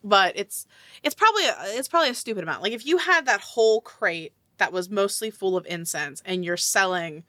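A woman game master describes the scene in a loose, rambling way, full of restarts. Her voice sits at a middle pitch and sounds dry and close. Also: lively intonation, fairly quick, pushed and bright, no echo. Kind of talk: narrating a tabletop game.

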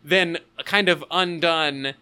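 A man's voice: on the high side, slow, bright, forceful tone, smooth. A man co-hosting a casual podcast, riffing playfully and laughing easily. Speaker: podcast co-host. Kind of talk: casual chat.

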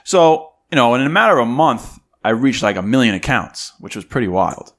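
A man co-hosting a podcast, telling a story in a casual, animated way and acting out other people's voices. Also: mid-range voice, fairly quick. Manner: animated, acts out quoted voices loudly. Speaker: podcast co-host.

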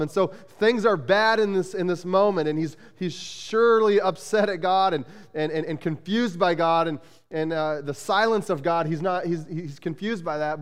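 A man preaching a sermon as pastor, speaking conversationally with frequent "like" and restarts, in a church sanctuary. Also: high-pitched. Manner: conversational, repeats "like" and restarts often. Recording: long hall reverb.

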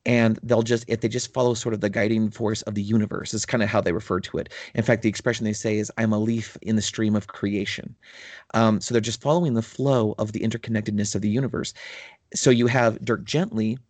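Man, low register, enthusiastic rambler on a podcast, dry sound. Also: steady tone, a little fast, darkish tone, no room sound. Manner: rambling, enthusiastic storytelling with fillers. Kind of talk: casual chat about tabletop gaming.

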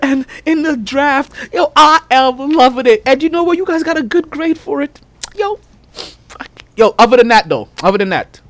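A man hosting a casual sports podcast, animated and laughing, trash-talking over a call. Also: extremely high pitch, no echo. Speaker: podcast host.

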